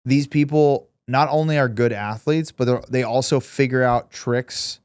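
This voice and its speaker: A man's voice: medium pitch, normal speed, a little mellow, smooth, no echo. A man co-hosting a podcast, chatting casually in a rambling way with heavy swearing. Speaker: podcast co-host. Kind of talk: casual chat.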